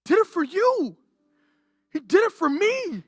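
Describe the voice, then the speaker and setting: A pastor delivering a livestreamed sermon, impassioned and emotional, rising to near-shouts and dropping to hushed softness. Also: very high voice, very animated, unhurried, no room sound, clean studio sound, soft background music. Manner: impassioned, swings from raised intensity to hushed softness. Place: church.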